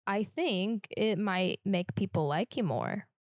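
A woman's voice: medium pitch, animated, takes it slowly, darkish tone, dry recording, studio quality. A woman co-hosting a casual podcast chat, talking in a thoughtful, questioning way with frequent fillers. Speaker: podcast co-host.

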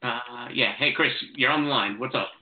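A man hosting a call-in show, talking quickly and excitably with stumbling restarts, over tinny phone-like audio. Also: mid-range voice. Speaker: show host taking calls. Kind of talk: casual call-in chat.

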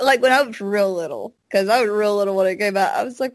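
A woman's voice: mid-range voice, fast, few pauses, no room sound. A woman in casual chat, rambling through a story full of "like" and "I was like.".

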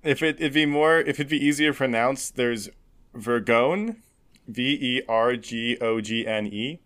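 A man's voice: medium pitch, steady tone, moderate pace, fairly bright tone. A man narrating a tabletop game as game master. He rambles through descriptions with frequent fillers and self-corrections, and often breaks into laughter.

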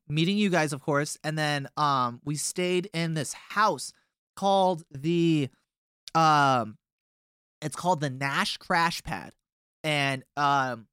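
A man's voice: on the high side, fairly bright tone, clean tone, no echo, studio quality. A young man in a band chatting casually as a guest, rambling through a story with lots of filler words. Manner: rambling, many fillers and restarts. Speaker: touring band member, guest.

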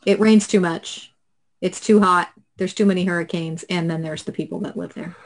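A woman's voice: fairly low pitch, fairly even intonation, normal speed, vocal fry. A woman co-hosting a podcast, chatting casually and laughing easily with her co-hosts. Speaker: podcast co-host.

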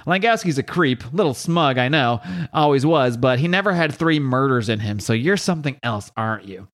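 A man's voice: medium pitch, animated, moderate pace, lightly acted. A man reading as a cold, clever green brute. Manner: read aloud in plain voice. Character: calm, intelligent male green brute, cold.

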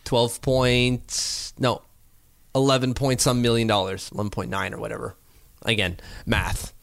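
Man, mid pitch, casual sports talk, rambling; dry recording. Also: little pitch movement, vocal fry, a bit bright, no echo. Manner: rambling, doing quick mental math aloud.

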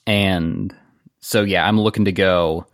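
A man's voice: low-pitched, steady tone, slow pace, no room sound, studio quality. A man playing a tabletop role-playing game, thoughtfully describing what his character does. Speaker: player. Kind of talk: tabletop game play, casual.

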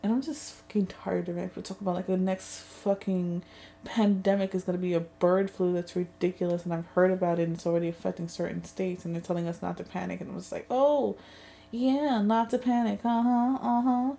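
A woman's voice: lowish voice, level tone, fast, vocal fry, mellow. A young woman in a casual vlog, venting in a rambling way with frequent swearing and sarcastic asides. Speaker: vlogger. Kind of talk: casual chat.

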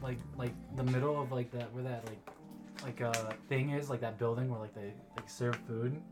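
Young guy co-host, mid-pitched, rambly with fillers, music behind. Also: fairly even intonation, moderate pace. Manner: rambling, filler-heavy with many "like"s. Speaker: podcast co-host. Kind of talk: casual chat among friends.

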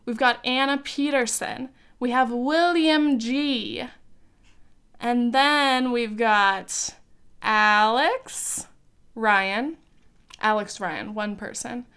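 Speaking extremely slowly, this young woman has a clean, fairly bright voice pitched a little high. She's the host of her own podcast, chatting casually on her own, joking at her own expense with laughter, fillers and the occasional swear.

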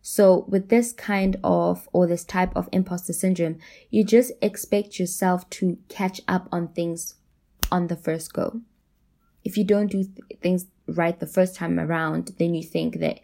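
Gravelly-voiced woman hosting a self-help podcast. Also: on the low side, fairly even intonation, measured pace, dark tone. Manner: encouraging, repeats phrases for emphasis, laughs often. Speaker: podcast host.

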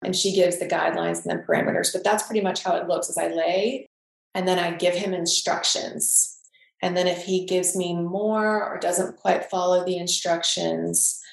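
Woman, low gravelly voice, open and reflective, echoey room. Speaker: guest. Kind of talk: candid podcast conversation.

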